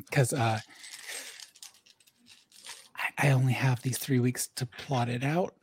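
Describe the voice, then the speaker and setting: A man's voice: mid-range voice, fairly even intonation, takes it slowly, a little mellow, slight background noise. A man, the game master, chatting casually through announcements before a tabletop game, rambling and poking fun at himself. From Southern Oregon. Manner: rambling, self-mocking, laughs at himself.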